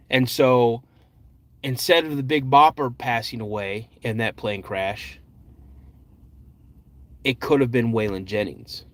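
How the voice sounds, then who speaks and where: A man's voice: medium pitch, no room sound. A middle-aged man hosting a casual podcast. He tells personal stories in a rambling way, with lots of restarts and filler words. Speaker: podcast host. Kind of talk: casual live chat and personal storytelling.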